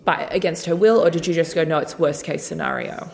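A woman hosting an interview podcast, asking quick, probing questions. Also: sits low, creaky, darkish tone. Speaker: podcast host.

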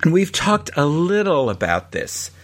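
Chatty man with a higher voice. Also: big pitch swings, measured pace, slightly rough. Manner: rambling, laughing, many restarts and fillers. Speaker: podcast host. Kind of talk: casual storytelling recap.

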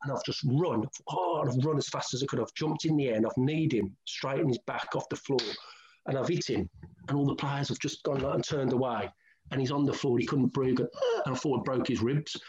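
A middle-aged former footballer from England with a Birmingham accent, telling candid stories in an interview and acting out old conversations in a colloquial way. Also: male voice, mid-range voice, a little fast, darkish tone, slight background noise. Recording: dull lo-fi sound.

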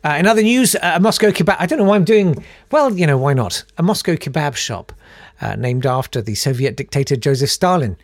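A man's voice: a little high, lively intonation, a little fast, no room sound. Guy hosting a rambly news chat, sarky, loads of uhs, very dry close mic. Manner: sarcastic, rambling, full of fillers. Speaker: host.

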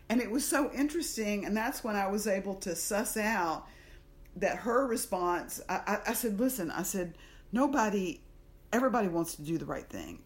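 A woman from the American South co-hosting a podcast, telling a personal story in a casual conversation and acting out the voices in her head. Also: mid-range voice. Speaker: podcast co-host.

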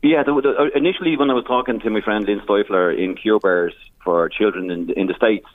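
A man's voice: fairly low pitch, fairly quick, no room sound. An Irish man, a charity founder, telling stories in a radio interview with many restarts and some emotion. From Ireland. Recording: tinny phone line.

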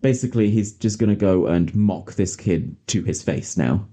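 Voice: low voice, normal speed, warm tone. A podcast host in casual chat, chatty and sarcastic, often laughing.

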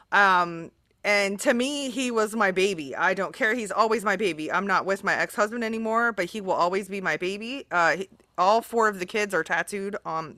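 A woman hosting a podcast, chatting casually in a rambling, earnest way full of fillers. Her voice is bright and forward. The sound is dry and close. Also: medium pitch, no room sound. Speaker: podcast host. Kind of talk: casual interview chat.

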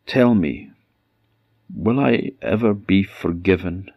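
A man's voice: low-pitched, lively intonation, takes it slowly, a little mellow, no room sound, clean studio sound, full character voice. A man doing a broken, pleading wife. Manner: pleading, fragile. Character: broken, dying young wife pleading for mercy.

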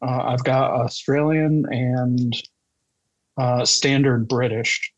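A man who once worked as an actor, explaining things slowly in casual podcast chat. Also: mid-range voice, steady tone, poor audio. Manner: slow, explanatory.

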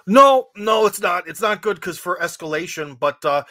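Podcast host: American man with a higher-than-usual voice, rambling casual chat, wry asides, very dry close sound. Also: lively intonation, normal speed, bright, forceful tone, dry recording. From United States.

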